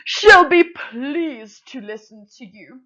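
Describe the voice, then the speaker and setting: A woman voicing a proud, bossy mother crow in a storybook play read aloud, with a shrill, exclamatory, theatrical delivery. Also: lively intonation, slow pace, sharp tone, exaggerated voice. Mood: excited, bossy. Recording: dull lo-fi recording.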